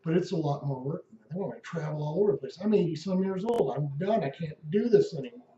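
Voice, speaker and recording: A man voicing a weary, very old male pope who is fed up and rambles haltingly with fillers. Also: fairly high pitch, lively intonation, warm tone, recorded from a distance, close to an everyday voice. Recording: echoey room, dull lo-fi sound.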